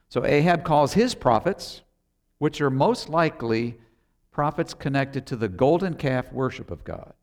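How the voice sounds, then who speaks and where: A man's voice: medium pitch, normal speed. A man preaching a sermon, retelling a Bible story conversationally and acting out the characters' lines. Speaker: pastor.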